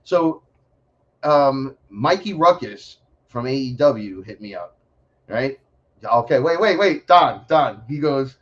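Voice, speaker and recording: A man in casual interview talk, animated and profane, often slipping into voices for the people in his stories. His voice sits in an ordinary male middle range. The recording is a bit dull and lo-fi. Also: mid-range voice, slow. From New York City. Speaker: podcast guest.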